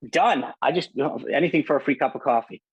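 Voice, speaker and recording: A middle-aged man hosting a casual podcast interview, animated, laughing often and restarting his sentences. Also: a little high, fast, husky, no room sound, muffled recording. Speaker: podcast host. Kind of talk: casual interview with rapid-fire questions.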